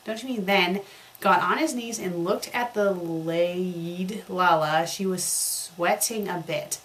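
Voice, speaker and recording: A woman reading a fan story aloud for comedy, breaking off to mock its spelling and grammar in deadpan asides. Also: fairly low pitch, takes it slowly. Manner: deadpan mocking commentary on spelling errors. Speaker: fanfic critic reading aloud.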